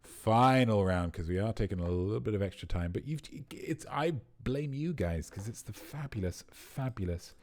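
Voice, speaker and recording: A man hosting a quiz stream, chatting with viewers and riffing on their answers in a playful, rambling way. His voice sits somewhat low for a man. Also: animated, normal speed, few pauses, a little mellow. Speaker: quiz host. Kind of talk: livestream chat with viewers.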